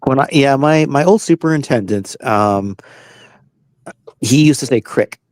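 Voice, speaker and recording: A man's voice: medium pitch, lively intonation, unhurried, a little mellow, dry recording. A man from western Canada with a Canadian accent, a guest chatting in an easygoing way and telling small anecdotes. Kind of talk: casual chat.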